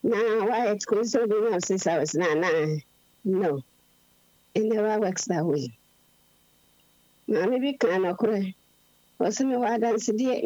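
A woman preaching a sermon in an unhurried, explanatory way, switching freely between languages. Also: mid-range voice, warm tone, dry recording. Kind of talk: sermon mixing Twi and English. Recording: dull lo-fi recording.

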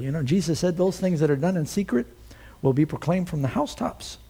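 A man's voice: brisk, dark tone, slightly rough. A man preaching a sermon, chatting with the congregation between dramatic readings of scripture. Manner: dramatic, reads scripture aloud with big swings in pitch; conversational asides to the congregation. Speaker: pastor.

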